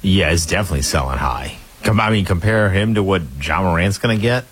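A man co-hosting sports talk radio, speaking in a measured, dry and slightly hesitant way. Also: low-pitched, fairly bright tone, husky. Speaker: radio co-host.

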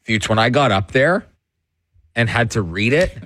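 A man hosting a sports talk show, chatty and quick to laugh. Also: medium pitch, lively intonation, fairly bright tone, slight background noise. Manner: chatty, laughs while telling. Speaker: sports radio host.

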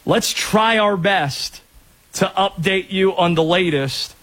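A man hosting a sports talk show, chatting in a loose, digressive way with quick asides. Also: sits high, a bit bright, rough recording. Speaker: sports radio host.

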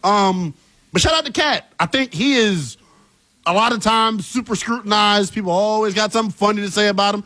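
A man co-hosting a sports talk show, animated and opinionated with a playful, teasing manner. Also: sits high, fairly quick.

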